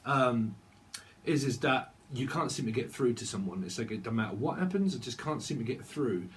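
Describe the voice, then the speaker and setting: A tarot reader with a medium-pitched, expressive voice gives a channelled reading at normal speed over slight background noise. He rambles and free-associates, laughs now and then, and sings snatches of songs.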